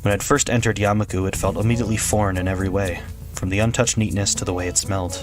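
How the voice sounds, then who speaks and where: A man streaming, reading a visual novel aloud in steady first-person narration, now and then restarting a phrase. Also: fairly low pitch, quick pace, over music.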